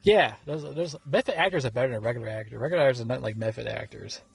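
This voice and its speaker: A man's voice: medium pitch, quick pace, gravelly, breathy edge, dry recording. A man giving a casual film review, rambling and swearing freely, with many fillers and restarts. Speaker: movie reviewer.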